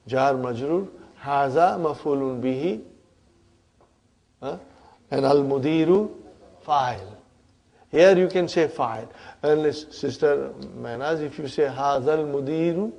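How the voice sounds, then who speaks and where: A man's voice: a little high, a little mellow. A man teaching an Arabic grammar class, often checking in with "huh?" and "brothers and sisters".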